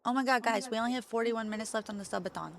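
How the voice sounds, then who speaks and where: Gravelly-voiced woman streamer. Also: a little high, racing. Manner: excitable, swears freely. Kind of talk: casual gameplay chat.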